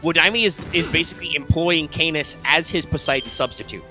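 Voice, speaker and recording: Talking over music, this podcast co-host has a slightly high voice and a brisk pace. He rambles through a casual gaming show on a live stream microphone, full of fillers and restarts and sprinkled with casual swearing.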